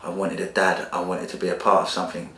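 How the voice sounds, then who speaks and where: A very deep-voiced man, talking bluntly and with feeling, full of street slang and swearing. He tells his story as a podcast guest. The room around him is echoey. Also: monotone, fast, fairly bright tone. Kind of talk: candid personal storytelling.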